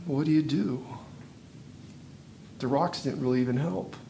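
A male pastor giving a sermon, telling a story vividly and swinging from hushed, slow passages to loud, intense ones. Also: a little high, creaky, a little hiss or hum.

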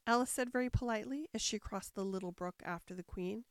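A woman narrating a storybook aloud in an expressive way, switching into voices for the characters. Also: mid-range voice, fast talker, no echo, studio quality. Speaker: audiobook narrator. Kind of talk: storybook reading.

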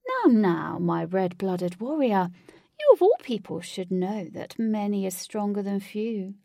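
A woman reading a storybook villain, a flamboyant man who is charming and creepy, with a theatrical, drawn-out delivery. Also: mid-range voice, big pitch swings, gravelly, mellow, no room sound, studio quality, full character voice. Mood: smooth, taunting.

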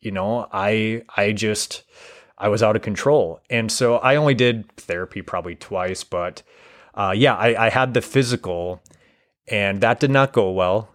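A young man speaking as an interview guest, telling his own story in a candid, reflective way. He often restarts his sentences. His voice sits fairly low. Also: measured pace, a bit bright. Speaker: guest, therapist. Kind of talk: personal story in a podcast interview.

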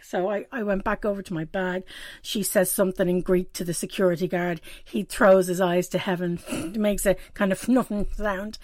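A woman's voice: medium pitch, fairly even intonation, normal speed, darkish tone, no echo, clean studio sound. A middle-aged woman presenting a weekly personal reflection slot, speaking candidly and laughing at herself.

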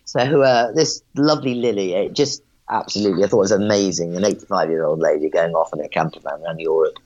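A woman, a psychic medium, telling animated and rambling stories in an interview, in a dull lo-fi recording. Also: rumbling low, quick pace. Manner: animated, rambling, frequent restarts. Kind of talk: casual storytelling interview.

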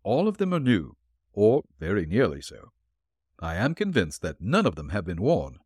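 Give me a shrewd, calm male detective, read by a man in a dry, deliberate way. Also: fairly low pitch, husky, dry recording, full character voice.

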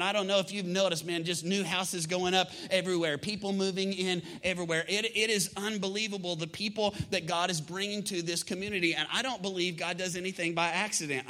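In a church sanctuary, a pastor delivers a sermon to his congregation with energy and emphasis, frequently posing rhetorical questions to the room. His voice sits high.

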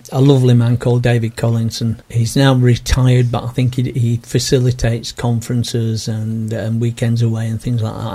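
An older man, telling his personal story in an interview in a gentle, earnest way. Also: medium pitch. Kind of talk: reflective personal testimony.

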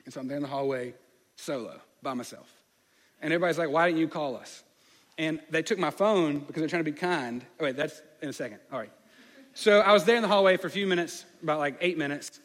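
A man's voice: a little high, fast, a bit bright. A man with a slight lisp, telling a personal story in a sermon in a candid way with many fillers. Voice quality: slight lisp on some words. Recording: long hall reverb.

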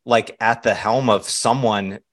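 A man's voice: on the low side, steady tone, unhurried. A man hosting a podcast who reacts to his guest in a rambling way, with many fillers. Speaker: podcast host. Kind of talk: casual interview chat.

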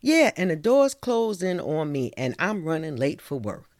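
Gravelly New York woman, lively storyteller. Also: deep voice, normal speed, no echo, clean studio sound. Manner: chatty, laughs often, many "you know" fillers. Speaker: spoken-word poet and storyteller. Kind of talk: poem recital, then casual monologue.

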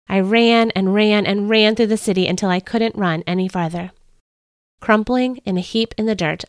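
A woman's voice: mid-range voice, smooth, no echo, studio quality. A woman hosting a devotional podcast, reading a story aloud with earnest expression.

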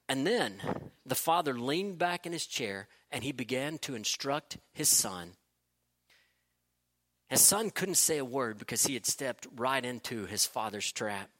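A man preaching, telling an illustration story in an unhurried way and posing questions to his listeners. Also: mid-range voice, lively intonation, fairly bright tone.

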